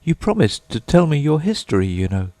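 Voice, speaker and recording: A man voicing Alice, a polite and curious young girl, in a high, eager and earnest voice for a storybook. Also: big pitch swings, brisk, dark tone, no room sound. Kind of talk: storybook character voice.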